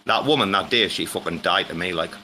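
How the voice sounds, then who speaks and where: A man's voice: low-pitched, fast talker, sharp tone, slight background noise. A young man hosting a casual chat, rambling through stories and swearing freely. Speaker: host.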